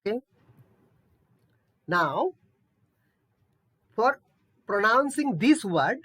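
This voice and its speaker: A woman teaching English pronunciation, speaking slowly and with a lot of melody. She repeats every word patiently and keeps checking in with her learners. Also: medium pitch, a bit bright. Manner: patient, repetitive, checks in with "okay?". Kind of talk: online pronunciation lesson.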